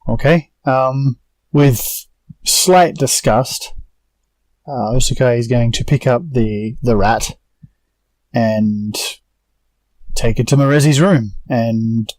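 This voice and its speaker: Measured player describing his character. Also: mid-range voice, a little mellow, no room sound, poor audio. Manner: describes his character's actions in third person, measured and wry. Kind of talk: playing a tabletop game.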